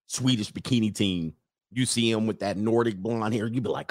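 A man's voice: lowish voice, normal speed, no room sound, clean studio sound. Laughing man ranting on a livestream. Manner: laughs often, loose slangy storytelling; reads out viewer comments. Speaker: livestream host addressed as Coach. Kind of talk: casual comedic rant.

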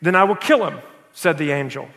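A man voicing a flaming male angel who speaks quietly and firmly and keeps repeating the same question. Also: fairly high pitch, expressive, a little fast, pitched below the performer's own voice. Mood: calm insistence. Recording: echoey hall with long reverb.

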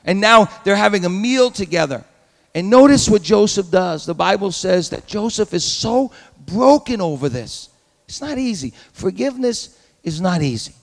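A man's voice: sits high, animated, moderate pace, vocal fry. A man preaching a sermon as a pastor, dramatic, acting out the voices of the figures he tells about. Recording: long hall reverb.

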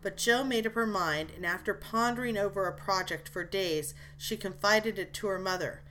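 A woman narrating a classic novel as an audiobook, in a measured storytelling manner. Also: medium pitch, a bit bright.

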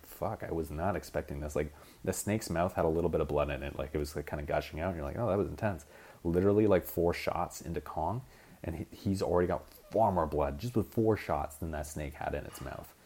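Deep-voiced man rambling casually about films. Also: darkish tone. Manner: rambling, filler-heavy, swears, acts out scenes. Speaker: podcast host. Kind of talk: casual rambling film chat.

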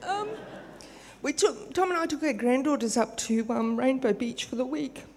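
An older woman gives a church testimony in a middle-pitched voice, rambling and halting, with many fillers. Her voice carries the long reverb of a hall. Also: darkish tone. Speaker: church member sharing a testimony.

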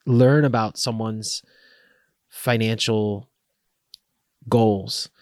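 A man's voice: fairly low pitch, steady tone, drawn-out words, darkish tone, no echo, studio quality. A man hosting a podcast interview, asking long rambling questions with many fillers. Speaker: podcast host. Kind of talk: interview conversation.

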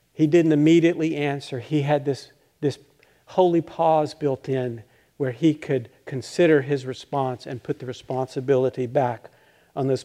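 An older male pastor preaching a conversational, self-deprecating sermon, halting and restarting with light chuckles. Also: a little high, warm tone.

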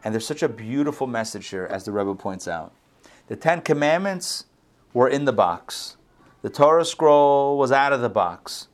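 A man's voice: medium pitch, animated, moderate pace. A man teaching a Torah class over a video call, talking casually, correcting himself and checking in with his listeners. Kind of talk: conversational online Bible class.

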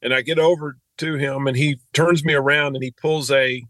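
A male executive guest who introduces himself crisply and then tells a casual anecdote. His voice is at a middle pitch, and the sound is dry and close. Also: steady tone, normal speed, few pauses, pushed and bright, dry recording, low-quality recording. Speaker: panel guest, business executive. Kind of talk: casual storytelling.

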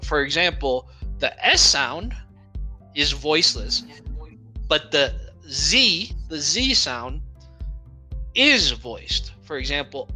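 A man teaching English pronunciation, slowly repeating example words and asking "right?" to check understanding. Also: mid-range voice, pushed and bright. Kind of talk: explaining pronunciation.

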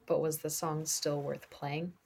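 A woman with a fairly low voice plays her character in a tabletop game. She speaks slowly, in a hesitant, soft, questioning way. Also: little pitch movement, creaky, a little hiss or hum. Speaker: player.

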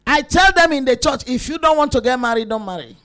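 Emphatic woman preaching, high voice. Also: fast. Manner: emphatic, shouting at peaks, lively rises and drops. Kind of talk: sermon to women.

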